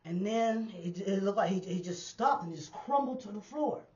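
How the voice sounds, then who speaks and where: A woman who used to drive buses tells a personal street story in a casual, animated way, talking straight to her listeners and acting out the sounds. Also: medium pitch, moderate pace, highs cut off. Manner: animated, addresses listeners as y'all, acts out sounds. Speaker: storyteller and former bus driver. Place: indoors on a hot day.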